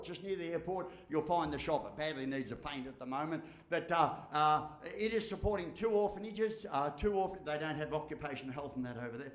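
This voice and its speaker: Australian male motivational speaker, slightly high voice, blunt and jokey, echoey hall sound. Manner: blunt, jokey, lively delivery with mild swearing. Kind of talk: humorous keynote speech.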